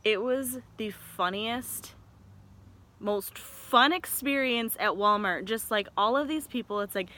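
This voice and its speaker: A woman in her thirties from Michigan, telling a story in a casual vlog with chatty, excitable rambling and frequent self-corrections. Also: on the high side, slow. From Michigan, USA. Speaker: vlogger.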